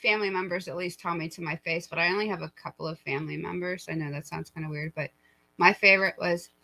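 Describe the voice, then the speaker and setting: A woman's voice: fairly low pitch, fairly even intonation, fast talker, vocal fry, sharp tone, no echo. A woman speaking as a guest on an online panel, candid and joking about her own stories. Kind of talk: casual panel chat.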